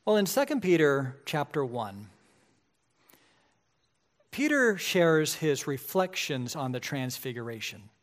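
A man's voice: a little high, sing-song, slow pace, pauses often. A man, a pastor, preaching a sermon in a conversational way that grows emphatic at key points.

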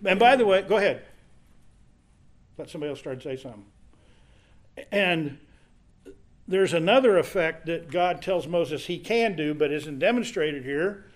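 A man's voice: on the high side, animated, normal speed, long pauses. A man leading a casual Bible study, reading scripture aloud and then explaining it in a conversational way.

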